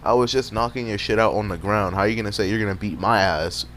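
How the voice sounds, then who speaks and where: A young man casually telling a fight story over gameplay footage, animated and profane, full of streetwise slang, with a faint hum behind him. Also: fairly low pitch, quick pace. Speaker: gaming video creator.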